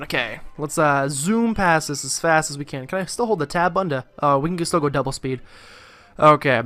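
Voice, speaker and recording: A man's voice: fairly high pitch, brisk, bright, forceful tone. A man doing casual let's play commentary, rambling with jokes and profane asides into a close mic.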